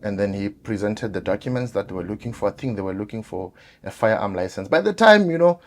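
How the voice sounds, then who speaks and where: A South African man talking casually to viewers, telling a childhood story with lively acted-out quotes and many fillers. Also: on the low side, fast. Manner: animated, acts out quoted voices, frequent fillers.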